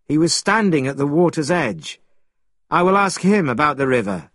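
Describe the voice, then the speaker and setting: Man doing a commanding monkey hero from a storybook, raised voice, husky and dry. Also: fairly high pitch, expressive, moderate pace, fairly bright tone, no room sound. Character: bold restless male monkey pilgrim.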